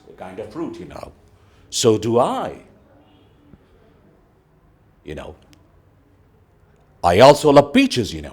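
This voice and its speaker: This is a man giving a grammar lesson to students. His delivery is unhurried and his voice swings widely in pitch as he stresses example sentences. He sits a little low in pitch and keeps dropping in "you know". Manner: explaining slowly, says "you know" often, reads example sentences aloud. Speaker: English teacher.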